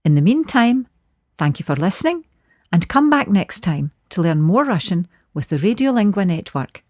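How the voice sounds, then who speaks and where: Lively woman teaching a language lesson. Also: lowish voice, no echo, clean studio sound. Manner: clear, slow modelling of phrases.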